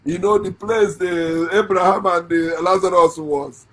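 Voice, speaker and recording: His voice sits high with fairly even intonation and a measured pace as this middle-aged Nigerian-accented online commentator mocks a Bible passage. He's sarcastic throughout, laughs often, and builds to shouting.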